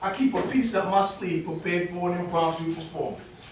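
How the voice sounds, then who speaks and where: A man's voice: high voice, level tone, normal speed, slight background noise. A man from Boston performing rhythmic, rhyming spoken word poetry at an open mic, with dramatic emphasis. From Boston, USA. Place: performance venue with audience. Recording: echoey room, mic from far off.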